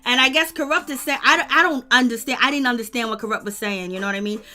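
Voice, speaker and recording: A woman, chatting casually and animatedly while she recaps a reality show live. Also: a little high. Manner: animated, slangy, breaks into quick prayer. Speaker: reality TV reviewer.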